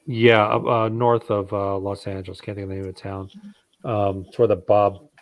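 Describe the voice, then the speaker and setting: Low-voiced man telling a story. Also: level tone, moderate pace, dry recording. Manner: rambling, many fillers and restarts. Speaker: guest in a geek chat stream. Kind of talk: casual chat, storytelling.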